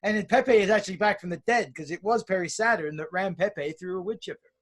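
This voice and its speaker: High-voiced excitable man on a podcast. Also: fast. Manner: excitable, blunt, swears casually. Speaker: podcast co-host. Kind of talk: casual wrestling recap chat.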